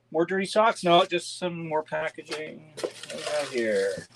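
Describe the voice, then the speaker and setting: Casual male streamer, bright and a touch high, loose and giggly, talking straight to his chat. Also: moderate pace, vocal fry, slight background noise. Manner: chatty, laughs often, talks to viewers. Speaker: beer channel host.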